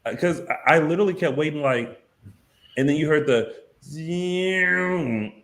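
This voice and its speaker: A man's voice: a little high, brisk. A man co-hosting a soap opera recap podcast, talking casually and acting out scenes in quoted voices. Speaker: podcast co-host. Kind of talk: casual chat.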